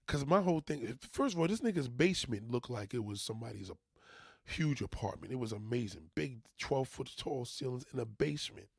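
A man's voice: medium pitch, expressive, brisk, gravelly, breathy edge, no room sound, studio quality. A man who runs a junk removal business, venting to his viewers in a profane, emphatic casual rant.

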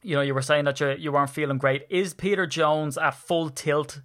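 A man's voice: a little high, level tone, a little fast, a bit bright. A man with an Irish accent, hosting a podcast in rambling, jokey casual chat. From Ireland. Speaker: podcast host.

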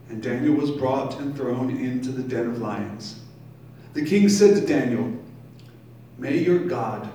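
A pastor with a medium-pitched, slightly mellow voice preaches in a brewery taproom, reading a scripture passage and then stopping to unpack its meaning. Slight background noise comes through, and the recording captures a very echoey space from a distant microphone.

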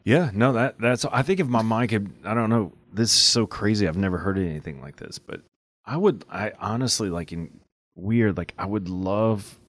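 A man's voice: on the low side, normal speed, no echo, clean studio sound. A man co-hosting a casual faith podcast, chatty and affirming, thinking aloud with frequent restarts. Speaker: podcast co-host.

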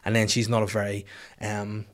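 Man, 30s, podcast host, exhausted, low-voiced, foul-mouthed rambling storyteller. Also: completely flat delivery, normal speed. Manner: profane, rambling comic storytelling. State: tired. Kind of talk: casual solo podcast rant. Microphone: podcast microphone.

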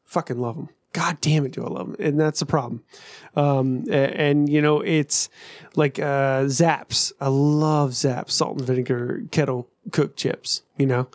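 A man's voice: mid-range voice, fairly even intonation, unhurried, no echo. A man in his thirties talking casually on a podcast, rambling and swearing freely, mocking himself. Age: 30s. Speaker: podcast co-host. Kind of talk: casual profane chat.

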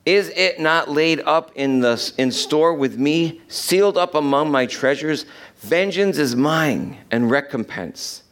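A man preaching a sermon, reading scripture aloud and explaining it, slowing down to stress key verses. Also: mid-range voice, fairly bright tone. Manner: emphatic, slows down to stress quoted verses.

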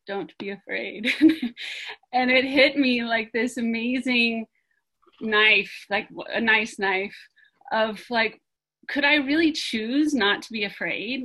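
Woman, group member sharing; slow, hesitant delivery, bright tone. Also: mid-range voice, poor audio. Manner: halting, searching for words. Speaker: practice community member sharing. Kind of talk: personal sharing in group discussion.

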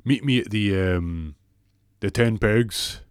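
A man with a Scottish accent voicing a boastful, smooth-talking middle-aged male pub hustler who coaxes and pushes. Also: lowish voice, slow, dry recording, clean studio sound. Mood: coaxing. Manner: pushy, wheedling, boastful.

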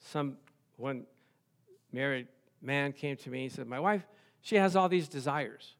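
A man's voice: mid-range voice, animated, normal speed, creaky. A middle-aged man, a pastor, preaching a sermon full of playful stories and acted-out voices.

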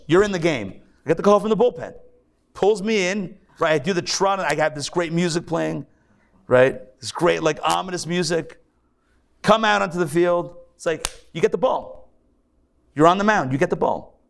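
A man who is a rabbi, giving a lively live sermon to a congregation, joking and acting out mock quotes in between his points. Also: fairly high pitch, vocal fry. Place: synagogue hall.

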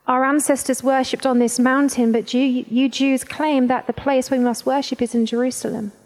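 A woman's voice: high voice, level tone, normal speed, darkish tone. A woman reading scripture aloud, voicing a wary village woman who questions and challenges. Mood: questioning.

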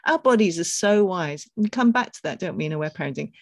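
A woman's voice: on the low side, expressive, quick pace, darkish tone, no echo. A woman co-hosting a conversational podcast, talking expressively and laughing between thoughts. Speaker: podcast co-host.

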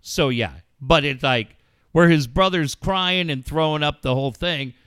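A man's voice: a little high, moderate pace, clear, resonant tone, dry recording, clean studio sound. A middle-aged man in casual chat, telling family stories with lots of swearing and acted-out quotes. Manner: animated storyteller, acts out quotes, swears freely. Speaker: co-host.

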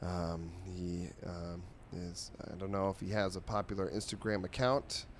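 A man hosting a comics podcast, recapping strips in a sarcastic, weary way with lots of ums and low enthusiasm. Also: level tone, measured pace, slight background noise.

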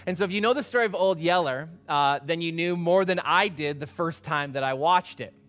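Male pastor, middle-aged, high voice, lively anecdotal sermon delivery. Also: a little fast. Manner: animated, acts out quotes with exclamations. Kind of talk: casual storytelling sermon.

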